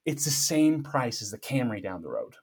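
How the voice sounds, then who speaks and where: Middle-aged male guest, lively jokey storyteller, conversational. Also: mid-range voice, normal speed, creaky, breathy edge. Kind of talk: casual storytelling.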